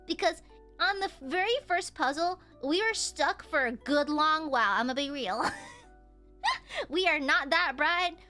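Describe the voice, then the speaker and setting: A woman streamer telling a story in casual chat, animated, laughing often and swearing casually. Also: high-pitched, measured pace, faint music behind.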